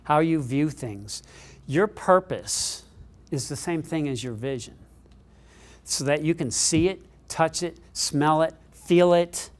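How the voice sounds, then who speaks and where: Animated man telling a keynote story. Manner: animated, rises in pitch when excited. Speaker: keynote speaker.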